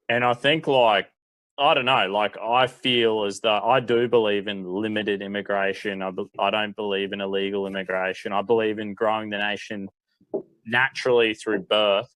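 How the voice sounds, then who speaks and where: A man's voice: on the low side, a bit bright, dry recording, low-quality recording. A man from New Zealand in a casual panel debate, rambling loosely with fillers and easy laughs.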